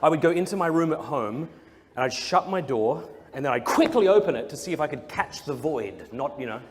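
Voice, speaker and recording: A man's voice: on the high side, expressive, fairly quick, very noisy. A young Australian man telling funny stories to a live audience as a Catholic speaker, acting out the voices of the people in them. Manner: joking storyteller, acts out quoted voices. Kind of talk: comedic talk to a live audience. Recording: live hall with long reverb, faint crowd ambience.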